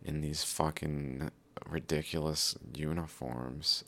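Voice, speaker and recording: A man's voice: rumbling low, fairly even intonation, slow pace, a bit bright. A man hosting a reaction video, talking casually over clips, swearing a lot and sounding incredulous. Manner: profane, incredulous, laughs often.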